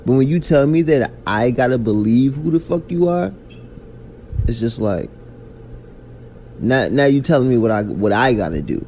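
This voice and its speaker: A man's voice: medium pitch, moderate pace, long pauses, a little hiss or hum. A man hosting a podcast, ranting in casual chat full of slang. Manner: animated, ranting, heavy slang. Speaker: podcast host.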